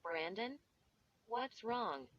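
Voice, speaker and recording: A teasing girl plays a prank on her friends, as a woman narrator reads her. She speaks slowly and slightly low. The recording is dull and lo-fi. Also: very animated, a bit bright, exaggerated voice.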